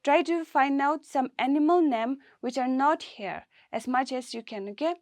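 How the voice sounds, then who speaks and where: Woman teacher from Nagaland, India, high voice, dry close sound, spells words letter by letter. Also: normal speed, no room sound. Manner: spells words letter by letter, prompts class to repeat. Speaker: primary school English teacher. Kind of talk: recorded classroom lesson.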